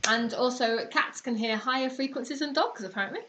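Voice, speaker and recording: Bright-voiced woman co-host, chatty. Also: high voice, a little fast. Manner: relaxed, chatty, reads out viewer comments. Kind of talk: casual chat.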